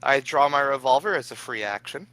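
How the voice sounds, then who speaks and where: A man's voice: mid-range voice, lively intonation, fairly quick, sharp tone, dry recording, poor audio. A man playing in a tabletop role-playing game, describing his character's actions in a laid-back way with many hesitations. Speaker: player. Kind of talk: casual tabletop play.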